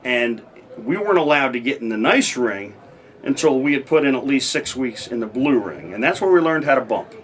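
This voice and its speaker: Now expressive and a little fast, the former pro wrestler's fairly bright, medium-pitched voice carries casual interview stories. He rambles with frequent restarts and acts out old conversations as an interview guest.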